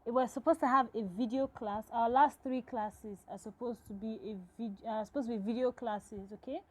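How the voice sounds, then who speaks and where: A woman's voice: a little high, fairly even intonation, normal speed, rough recording. A woman teaching a French lesson to absent students, talking patiently, repeating each phrase and checking in with "okay?".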